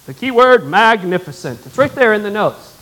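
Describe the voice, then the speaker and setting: A man's voice: sits high, very animated, normal speed, a bit bright, low-quality recording. A male pastor preaching a sermon, emphatic and calling on the congregation to answer back. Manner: emphatic, calls for congregation response.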